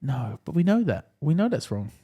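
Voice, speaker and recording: Man, podcast co-host, animated pitch, casual swearing banter. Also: moderate pace, husky, highs cut off. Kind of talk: casual chat.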